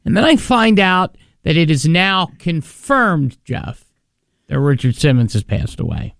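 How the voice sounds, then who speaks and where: Insistent, clear-voiced male radio host. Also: fairly high pitch, a little slow, no room sound, studio quality. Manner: animated, insistent storyteller. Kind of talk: morning radio banter. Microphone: studio microphone.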